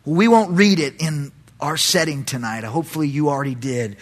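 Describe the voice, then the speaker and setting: A man's voice: on the high side, a little fast, hardly any pauses. A male pastor preaching an expository Bible study, animatedly breaking into dramatic voices for the characters.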